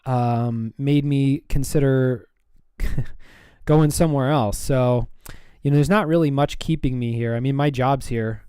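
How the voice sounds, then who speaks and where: Chatty man streamer, self-mocking, mid-pitched, dry close mic. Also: unhurried, mellow, clear, resonant tone, dry recording. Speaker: streamer and artist. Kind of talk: casual livestream chat while drawing.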